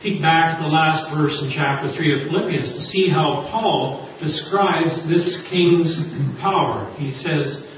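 A man's voice: a little high, unhurried, few pauses. Man preaching in an echoey hall. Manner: emphatic, spells out acrostic points and reads scripture. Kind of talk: sermon. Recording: echoey, dull, distant recording with faint noise.

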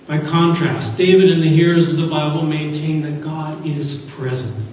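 A man's voice: on the high side, flat delivery, normal speed, hardly any pauses, darkish tone, a little hiss or hum. A male pastor preaching a sermon, reading scripture with earnest, rising emphasis. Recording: echoey hall from a distance.

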